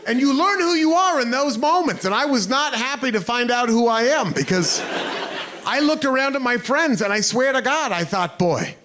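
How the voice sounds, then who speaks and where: A man's voice: very high-pitched, animated, moderate pace, pushed and bright. An American man doing stand-up storytelling with self-mocking asides, acting out his own panicked thoughts, on a comedy club stage into a handheld mic. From United States. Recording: noisy live club recording.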